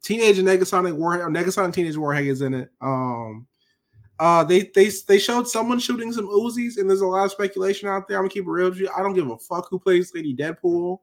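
A man co-hosting a podcast in casual chat, ranting in an animated, profane and emphatic way. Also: high voice, fast. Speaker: podcast co-host.

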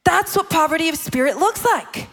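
A woman in her thirties preaching a sermon, animated and playful, acting out the voices of the people she quotes. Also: very high-pitched, normal speed. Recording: long hall reverb.

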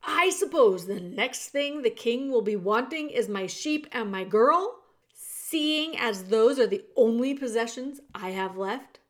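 A woman's voice: fairly high pitch, expressive, unhurried. A woman reading aloud, voicing a bitter, complaining old uncle who grumbles indignantly. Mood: grumbling.

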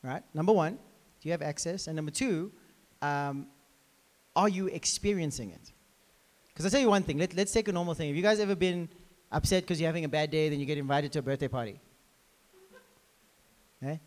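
A man preaching a lively sermon to a congregation in a crowded hall, talking with them conversationally. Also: fairly high pitch, a little fast, long pauses. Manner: animated, conversational, talks to the congregation. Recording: reverberant hall.

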